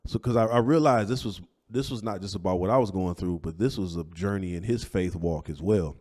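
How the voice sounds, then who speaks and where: A man telling an animated, slangy personal story as a guest on a podcast interview. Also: deep voice, brisk.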